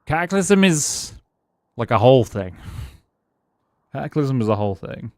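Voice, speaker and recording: A man's voice: fairly low pitch, normal speed, a little mellow, dry recording, studio quality. A man streaming a game live, rambling casually and answering his chat as he plays. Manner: rambling, chatty, answers chat and thanks followers.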